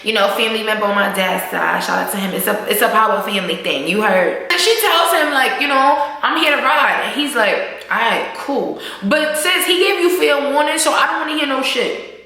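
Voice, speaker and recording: Chatty young woman, bright echoey voice. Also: on the high side, fairly quick. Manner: animated, acts out characters' lines while recapping; slangy, swears freely. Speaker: TV recap vlogger. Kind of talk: casual TV recap. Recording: very echoey room.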